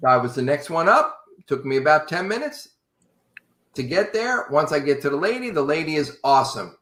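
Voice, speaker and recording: A man casually telling a long travel story to a podcast host in an animated, wry way. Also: fairly high pitch, normal speed. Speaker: podcast guest. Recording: roomy echo.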